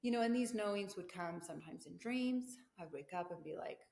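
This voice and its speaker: A woman's voice: mid-range voice, animated, fairly quick, gravelly, a little mellow. A middle-aged woman hosting a video podcast, telling a personal story casually, rambling, breaking off her own thoughts and laughing between them. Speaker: podcast host. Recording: echoey room, faint background hum.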